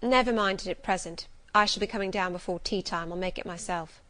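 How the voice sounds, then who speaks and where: Woman reader doing a guarded middle-aged servant woman, cool, demure, measured, mid-pitched. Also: a bit bright, dry recording, close to an everyday voice. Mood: offhand.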